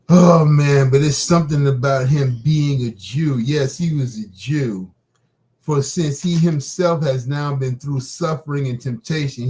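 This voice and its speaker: A man's voice: fairly high pitch, dark tone, low-quality recording. Laid-back man chatting and reading scripture. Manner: loose, laughing, talks to viewers as "man". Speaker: live stream host. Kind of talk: casual chat and Bible reading.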